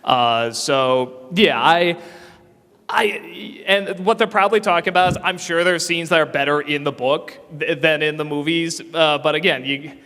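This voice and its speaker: In a reverberant convention hall, a man with a scratchy throat answers audience questions on a panel through a handheld mic. His voice is on the high side, bright and forceful, at a measured pace, and he's casual and chatty, often restarting and laughing.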